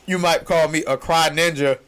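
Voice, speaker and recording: A man hosting a podcast in casual chat, rambling and joking in slangy talk, now and then breaking into loud shouts. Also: fairly high pitch, fairly even intonation, normal speed, clear, resonant tone. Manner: uses informal slang. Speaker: podcast host.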